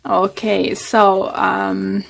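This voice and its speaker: A woman's voice: mid-range voice, flat delivery, drawn-out words, gravelly. Woman tarot reader losing her voice. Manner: hesitant, many fillers and restarts. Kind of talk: casual tarot reading monologue.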